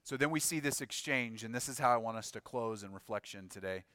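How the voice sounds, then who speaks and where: A man's voice: mid-range voice, brisk, sharp tone, smooth, no room sound. A male pastor preaching a sermon, acting out the voices of biblical figures with shifting intensity.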